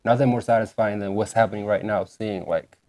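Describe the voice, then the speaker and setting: Rambling young man with a mellow voice. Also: on the low side, fairly quick. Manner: animated, rambling, heavy use of "like". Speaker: podcast co-host. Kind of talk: casual chat.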